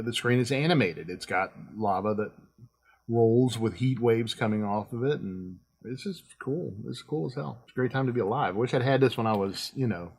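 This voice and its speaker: A middle-aged man hosting a casual chat, rambling and emphatic with lots of fillers. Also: fairly low pitch. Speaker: host.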